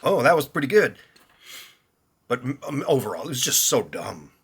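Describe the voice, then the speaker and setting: A man's voice: medium pitch, big pitch swings, normal speed, a bit bright, slightly rough. A man co-hosting a casual movie review chat, agreeable and jokey. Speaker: co-host of a movie review show.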